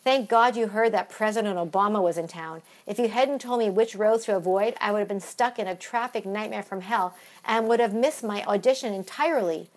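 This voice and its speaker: A woman's voice: mid-range voice, brisk, close to an everyday voice. A gushing valley girl, played by a woman, bubbly and dramatic. She keeps saying oh my God and dude and talks like a trend-chasing Angeleno.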